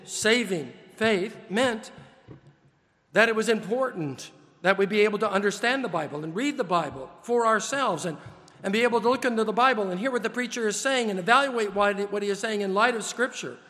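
Male preacher, emphatic list-building delivery, sharp bright tone. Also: sits high, big-room sound. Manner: emphatic, building lists with rising stress. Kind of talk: sermon.

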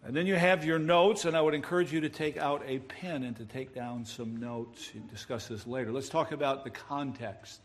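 A pastor preaching a sermon, explaining a passage earnestly with emphatic rises and wordplay. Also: male voice, mid-range voice, steady tone, normal speed, few pauses, a little hiss or hum. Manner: self-described wordsmith, plays with words.

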